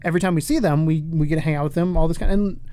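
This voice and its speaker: Fast-talking higher-voiced male co-host. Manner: quick, animated storytelling with restarts. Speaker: podcast co-host and interviewer. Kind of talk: casual chat.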